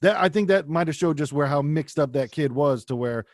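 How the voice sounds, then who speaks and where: A man co-hosting a podcast, chatting casually and acting out quoted lines with lively, profane storytelling. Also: on the high side, a little fast, no room sound, clean studio sound. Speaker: podcast co-host. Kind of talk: casual chat.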